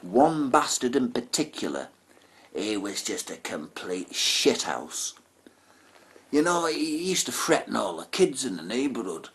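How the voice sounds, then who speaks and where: A man's voice: lowish voice, fairly bright tone. A man telling a profane comic story, with chatty asides and laughter. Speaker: comedian.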